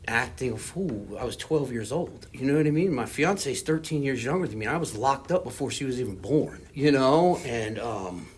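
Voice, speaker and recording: A man's voice: mid-range voice, lively intonation, normal speed, few pauses, slight background noise. A man in his forties speaking at a recovery fellowship meeting. He tells his story candidly and casually, rambling with lots of "you know" and "like". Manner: candid and self-deprecating about his past. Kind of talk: personal recovery testimony.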